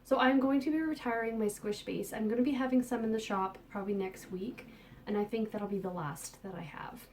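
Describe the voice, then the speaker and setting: A woman hosting a casual podcast, talking enthusiastically about yarn she has dyed and received, with soft muttered asides. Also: on the high side, a little fast. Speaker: podcast host and yarn dyer. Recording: distant mic with faint background noise.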